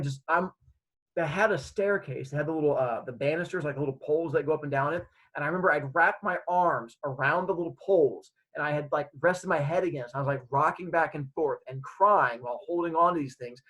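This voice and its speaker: Male storyteller, comedic and animated, slightly high husky voice. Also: a little fast, rough recording. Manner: animated, acting out scenes.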